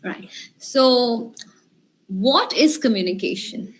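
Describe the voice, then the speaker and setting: A woman's voice: a little high, lively intonation, slow pace. A woman leading an online workshop, encouraging the group and asking them questions. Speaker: communication skills trainer. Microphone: video call.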